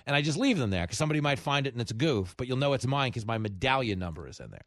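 Jokey gravelly male radio host. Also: mid-range voice, racing, no echo, clean studio sound. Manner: jokey, animated, laughs often. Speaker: radio talk show host. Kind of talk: casual radio banter. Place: radio studio. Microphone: studio mic.

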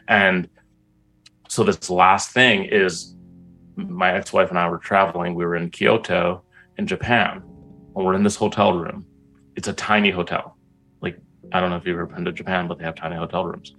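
A man's voice: low voice, vocal fry, poor audio. A young man telling a story as an interview guest, casual and profane, with lots of "like"s. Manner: profane, animated storyteller with many "like"s.

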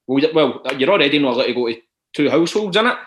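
A man's voice: on the high side, expressive, racing, a bit bright, slight background noise. A Scottish man chatting casually as a guest, with frequent restarts and fillers. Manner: hesitant, lots of restarts and "do you know what I mean". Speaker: guest actor. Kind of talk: casual podcast chat.

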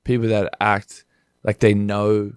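A man's voice: lowish voice, monotone, slow, clean tone, no echo, clean studio sound. A young man chatting casually as a podcast guest, laid-back and swearing freely. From Australia. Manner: laid-back, swears casually, uses quirky pet names. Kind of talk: casual chat.

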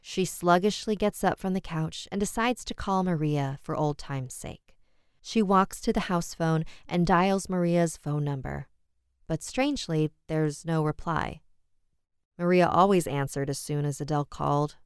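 Low-voiced woman narrating horror. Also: clear, resonant tone, dry recording, studio quality. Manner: measured, steady storytelling.

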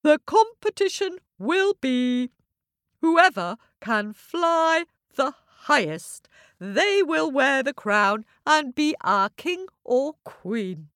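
A woman's voice: high voice, sing-song, takes it slowly, a bit bright, dry recording, clean studio sound, voice pushed up, exaggerated voice. A woman doing a hooting wise old owl. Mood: stern. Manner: hooting, firm and stern.

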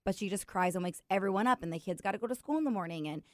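A woman's voice: medium pitch, racing, dry recording, clean studio sound. A woman hosting a podcast in casual chat, telling stories and teasing her husband. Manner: chatty, teasing, storytelling. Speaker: podcast host.

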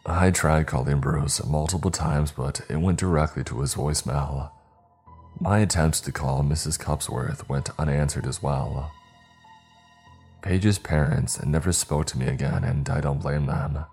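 A man narrating a story in a measured, somber way. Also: rumbling low, a little mellow, breathy edge. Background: faint music.

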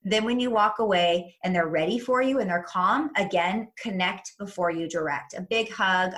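A woman parenting coach, a younger adult, giving advice in a chat and explaining things clearly step by step. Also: mid-range voice, normal speed, hardly any pauses, a bit bright.

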